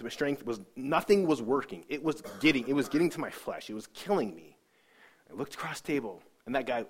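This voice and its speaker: A man with a fairly low voice tells his faith testimony in an earnest, halting way. He stumbles and repeats himself as the feeling builds, pressing on through each sentence. His delivery is raw and personal rather than polished. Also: fairly bright tone. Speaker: speaker sharing a faith testimony.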